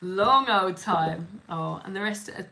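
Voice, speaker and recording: A woman's voice: medium pitch, slow pace, pushed and bright. A young woman telling a story to a live audience in a rambling, chatty way, full of fillers and restarts. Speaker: livestream host.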